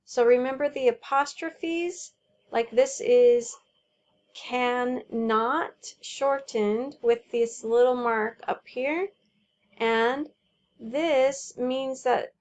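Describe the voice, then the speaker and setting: A woman teacher explaining a homework sheet in a slow, careful way, walking through examples. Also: a little high, a little mellow, highs cut off.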